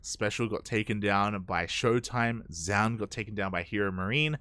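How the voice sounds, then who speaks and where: A man casting a live esports match, excitable and rambling as he chats and laughs with his co-caster. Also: fairly low pitch, normal speed, no echo. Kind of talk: casual live game commentary.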